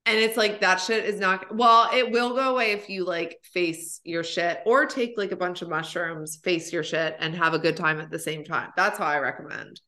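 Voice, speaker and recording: A woman in her thirties chatting on a podcast in a bright, forceful voice. She rambles casually, packing her talk with fillers and swearing freely. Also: on the low side, moderate pace, few pauses. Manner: chatty, profane, lots of fillers. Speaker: podcast host. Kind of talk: casual chat.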